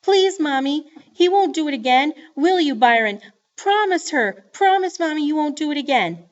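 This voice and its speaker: A woman voicing a frightened, tearful little girl who pleads in a high, wet voice. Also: animated, moderate pace. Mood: pleading. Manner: sobbing, pleading, high-pitched. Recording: slightly dull lo-fi recording.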